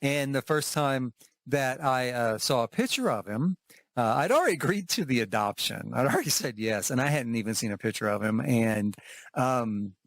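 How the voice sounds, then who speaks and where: A travel vlogger from Oklahoma, USA, chats about theme park food and shops in a rambling way, full of asides, restarts and laughter. His medium-pitched voice is animated, his speed normal, and there's no echo.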